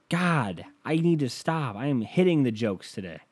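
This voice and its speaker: A man's voice: mid-range voice, lively intonation, moderate pace, few pauses, darkish tone, no room sound. A man hosting a casual solo podcast, ranting and joking with lots of swearing, his voice jumping up when he gets worked up. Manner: profane, riffing, self-amused, voice jumping up when worked up. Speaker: podcast host.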